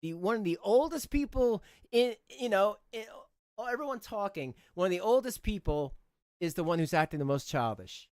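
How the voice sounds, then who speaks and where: A man's voice: high-pitched, animated, normal speed, no room sound. A man hosting a livestream, ranting and mocking in an indignant, rambling way with many restarts. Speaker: livestream host.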